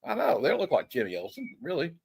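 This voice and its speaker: A man's voice: on the high side, huge pitch swings, fast, gravelly, a little mellow, husky. A man hosting a casual comic chat, joking and laughing as he reads old comic panels aloud. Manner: jokey, laughs often, reads panels in put-on voices. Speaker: comic show host.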